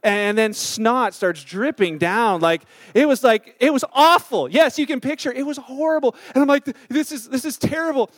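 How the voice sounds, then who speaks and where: A man's voice: extremely high pitch, lively intonation, normal speed, hardly any pauses, no room sound, studio quality. A middle-aged man, a pastor giving a conversational sermon, telling a self-deprecating personal story with filler words and restarts.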